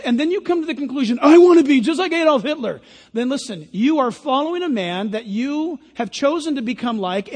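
A male pastor delivers an emphatic sermon, and his voice sits unusually high for a man. He drops in sarcastic asides between his points. The sound carries the long reverb of a church hall.

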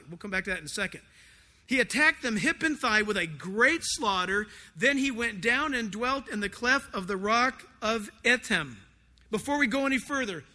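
High-voiced man preaching in a reverberant hall. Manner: conversational, animated storytelling asides. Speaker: pastor. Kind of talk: expository sermon. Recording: long reverb of a large hall.

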